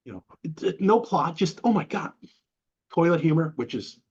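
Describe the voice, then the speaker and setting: A middle-aged New England interview guest speaks at a moderate pace with a fairly high, husky, slightly breathy voice. In casual conversation he acts out quotes while telling animated, slangy stories, on a lo-fi, dull-sounding recording.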